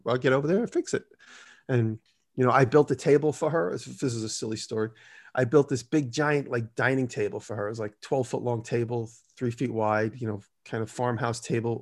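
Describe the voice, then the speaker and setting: As an interview guest, a man with a somewhat dark, mid-range voice tells stories at a moderate pace in a loose, rambling way. Along the way he slips into the quoted lines of the people in his stories, acting out the dialogue.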